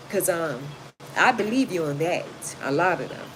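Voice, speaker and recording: A woman's voice: lowish voice, expressive, normal speed. A woman, hosting a casual livestream, reading chat comments aloud and giving blunt, sassy advice. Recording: noisy home recording.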